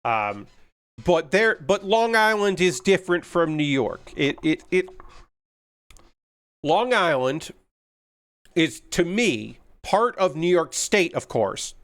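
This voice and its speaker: Guy streaming, chatty story rambles, slightly high voice, lots of ums. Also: big pitch swings, takes it slowly, pauses often, a bit bright. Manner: rambling, anecdotal, frequent fillers. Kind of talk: casual storytelling on a live stream.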